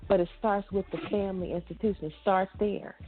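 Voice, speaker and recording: A woman's voice: medium pitch, fairly even intonation, fairly quick. A woman co-hosting a radio talk show, preaching emphatically and repeating her points. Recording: tinny phone-like radio audio with faint music.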